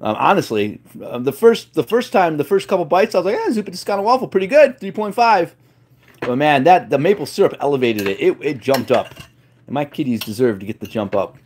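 A man vlogging a casual taste test, excitable and playful with exclamations. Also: mid-range voice, a little fast, husky. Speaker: food vlogger.

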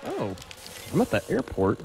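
A young man teaming up in a game, talking casually in short, relaxed replies. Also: mid-range voice, normal speed, gravelly, music in the background, poor audio. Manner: laid-back, short replies. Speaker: co-player. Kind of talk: casual gameplay chat.

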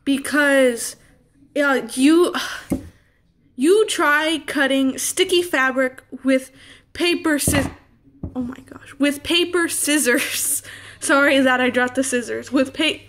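A woman's voice: high voice, fairly bright tone, slight background noise. A young woman filming a crafting vlog, flustered and laughing at her own slip-ups. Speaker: crafting vlogger. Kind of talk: casual blooper vlog.

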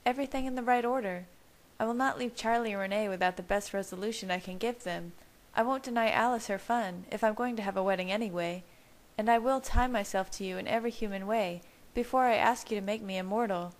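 A woman's voice: on the high side, moderate pace, few pauses, voice pushed up, lightly acted. A woman voicing an earnest, determined young woman who pleads and insists, in a fan-read storybook.

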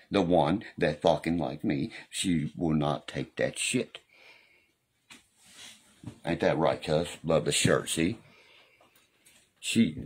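Gravelly deep-voiced man ranting on a live stream. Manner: rambling, profane, keeps asking "you know what I mean". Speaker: livestreamer. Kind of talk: casual live-stream talk. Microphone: phone or webcam on a live stream.

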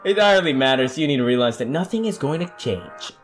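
A woman's voice: mid-range voice, sing-song, brisk, faint music behind, close to an everyday voice. A woman voicing a cruel, mocking woman on a blind date in a horror game, reading the lines aloud with cold contempt.

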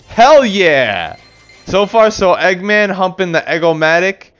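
A man's voice: high voice, fairly bright tone, clean tone. A young man giving loose, profane, slangy commentary as the host of a gaming channel. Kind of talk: casual gameplay commentary.

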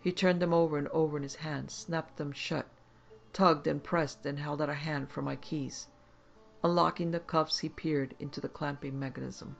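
Gravelly man narrating a horror tale. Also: fairly high pitch, steady tone, highs cut off, faint music behind. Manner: measured first-person storytelling. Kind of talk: scripted horror story narration.

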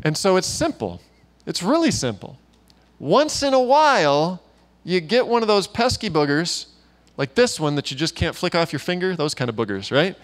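A man's voice: high voice, very animated, normal speed. A man preaching at a church gathering, telling stories in a chatty, informal way with many fillers and asides. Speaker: guest preacher. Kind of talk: conversational sermon with storytelling.

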